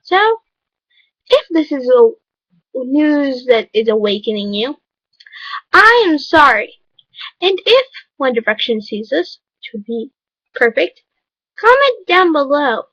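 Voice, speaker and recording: A woman's voice: high-pitched, sing-song, slow, long pauses, a bit bright, dry recording, muffled recording. A woman vlogger talking to camera in an emphatic, lecturing, chatty way. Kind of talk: casual vlog monologue.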